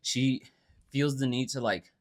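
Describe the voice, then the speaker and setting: A man's voice: mid-range voice, fairly even intonation, unhurried. A man co-hosting a casual podcast, profane and teasing, laughing often as he tells stories. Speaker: podcast co-host. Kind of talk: casual chat. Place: Phoenix.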